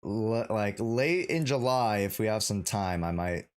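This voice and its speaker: A man on a podcast chatting in an easygoing, halting way. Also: fairly low pitch, lively intonation. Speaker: podcast guest. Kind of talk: casual chat.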